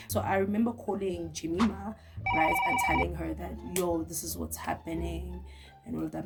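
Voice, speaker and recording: A young woman telling a story to her viewers in a vlog, lively and talking straight to the camera. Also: lowish voice. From South Africa. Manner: animated, talks straight to the viewer. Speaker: vlogger.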